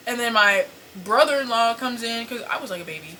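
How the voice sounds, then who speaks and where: A young woman hosting a podcast, telling an embarrassing story to camera in a casual, animated, profane way, full of fillers and apologies. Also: on the high side, fairly quick, a little hiss or hum, rough recording. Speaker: podcast host. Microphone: camera set up in front of her.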